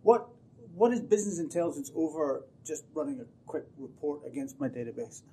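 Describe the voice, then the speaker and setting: Male podcast host, playful, probing questions, slightly high voice, mellow tone. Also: lively intonation, fairly quick, slight background noise. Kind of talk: casual podcast chat.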